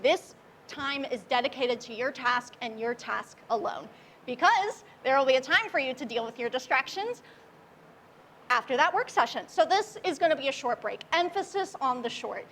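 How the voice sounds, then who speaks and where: Young woman from Oklahoma, high voice, upbeat casual meetup speaker, faint background noise. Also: animated, moderate pace, sharp tone. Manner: upbeat, chatty, friendly. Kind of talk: casual tech talk.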